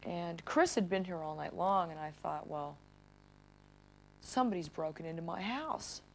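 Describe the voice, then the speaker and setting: Woman with a gravelly voice telling a story. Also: on the low side, normal speed, a little hiss or hum. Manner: animated, gets worked up. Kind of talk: casual storytelling.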